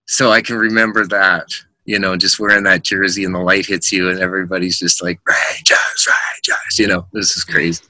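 Man, middle-aged, bright edgy tone, dry close sound, animated storytelling. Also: deep voice, brisk, dry recording. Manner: animated anecdotes with quoted voices. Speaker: musician guest. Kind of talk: casual storytelling chat.

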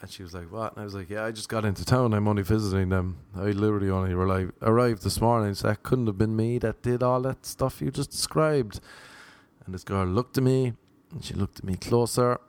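A man's voice: lowish voice, a little fast, darkish tone, smooth, dry recording. A young Irish man telling a rambling, self-mocking anecdote in casual chat, slipping into voices for the people he quotes. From Ireland. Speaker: storyteller.

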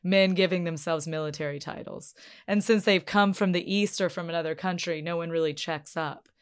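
A young woman from North Carolina, USA, hosts a casual interview podcast, chatty and wry, laughing often, with an unplaceable, faintly Mid-Atlantic accent. Her voice is fairly low, clear and resonant, with a steady tone and moderate pace.

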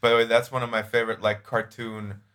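A man co-hosting a casual podcast chat, halting and repeating words, with lots of "like" and "um". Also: mid-range voice, level tone, fairly bright tone.

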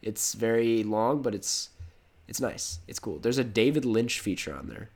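A man's voice: lowish voice, expressive, normal speed, gravelly, darkish tone. A young man with a cold hosting a casual podcast, rambling and correcting himself, laughing easily. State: has a cold. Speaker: podcast host.

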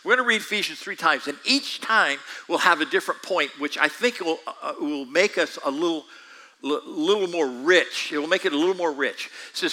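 A man preaching a sermon, talking straight to his listeners with quick asides. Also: a little high, bright, forceful tone, poor audio.

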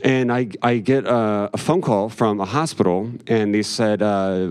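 A man's voice: lowish voice, normal speed, a little mellow. Wry, cursing man telling a story. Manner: profane, rambling, wry asides. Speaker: storyteller on stage. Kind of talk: live storytelling with jokes.

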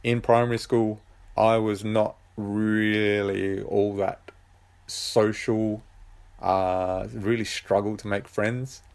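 A man's voice: fairly low pitch, slow pace, creaky. A man who writes books, talking casually on his own show, hesitant and full of ums and uhs. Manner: relaxed, rambling. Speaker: author and podcast host. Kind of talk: casual solo chat.

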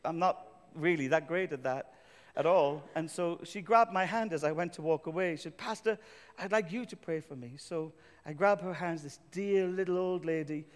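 A man's voice: on the high side, moderate pace. A male pastor preaching a sermon, telling a personal story with self-deprecating humor and building to emphatic declarations. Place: church. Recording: reverberant church hall.

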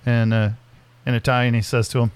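A man co-hosting a podcast, telling stories in a loose, profane, animated way. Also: medium pitch, a little fast, clear, resonant tone. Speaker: podcast co-host. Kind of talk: casual chat.

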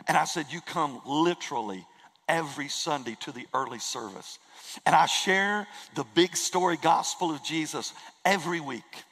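Pastor guy preaching, kinda high voice, earnest and emphatic, big echoey church sound. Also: moderate pace, fairly bright tone, slightly rough. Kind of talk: sermon. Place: church sanctuary.

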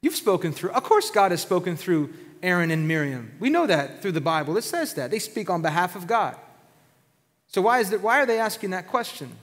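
High-voiced male pastor preaching in a hall. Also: brisk. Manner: animated, conversational, emphatic. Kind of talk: sermon.

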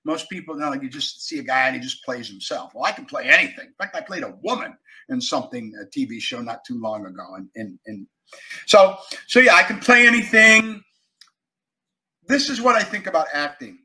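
Animated older male storyteller. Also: on the high side, brisk, poor audio. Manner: animated storyteller, emphatic, jumps between loud and quiet. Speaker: guest, character actor and author. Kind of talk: casual interview chat.

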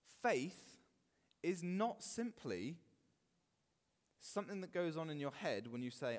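A man preaching a sermon in a church, animated and expressive. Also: fairly high pitch, slow pace, long pauses, long reverb tail. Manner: animated, acts out quoted voices. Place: church hall.

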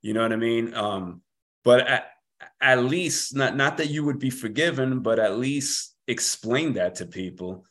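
A man with a New York accent, a musician talking as a podcast guest, speaking in a measured and halting way with many repeated words. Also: mid-range voice, a bit bright. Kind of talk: casual conversation.

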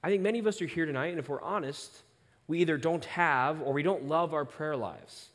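A young male pastor preaching a sermon, telling a personal story with animated, self-aware asides. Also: on the high side, a little fast, long reverb tail.

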